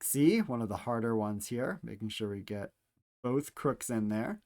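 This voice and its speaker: Man, Greek teacher, calm step-by-step handwriting lesson, playful asides, mid-range voice. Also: medium pitch, moderate pace. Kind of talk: handwriting tutorial instruction.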